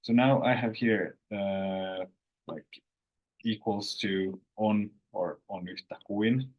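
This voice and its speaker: A man teaches vocabulary in a relaxed, halting way, often restarting his sentences. He talks very slowly. His voice sits fairly low. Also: highs cut off. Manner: slow, halting explanations with fillers and restarts. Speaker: language teacher. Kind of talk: casual language lesson.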